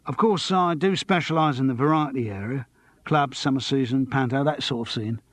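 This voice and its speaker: A man's voice: medium pitch, normal speed, no room sound, natural voice. A man voicing a tough male talent agent with a Cockney accent, curt and businesslike.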